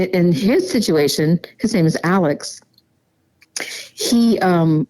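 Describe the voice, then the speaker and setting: A middle-aged woman, a donor's mother, telling personal memories in a halting way, repeating words and laughing softly between them. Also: sits low, rough recording. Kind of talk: emotional personal storytelling.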